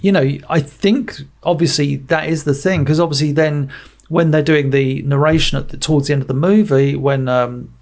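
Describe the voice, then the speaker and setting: A man on a podcast talks through a film review in loose, casual chat. His voice sits a little high for a man and has a gravelly, fry-laden edge. He rambles, restarts sentences and acts out scenes as he retells them. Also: fairly even intonation, moderate pace, a little mellow. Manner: rambling, many restarts and fillers. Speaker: podcast co-host.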